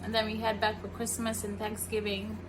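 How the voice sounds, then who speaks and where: A young woman from Kenya telling a casual story while cooking at home, animated and acting out the people she quotes. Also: mid-range voice, fairly quick, background noise. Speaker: vlogger. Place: home kitchen.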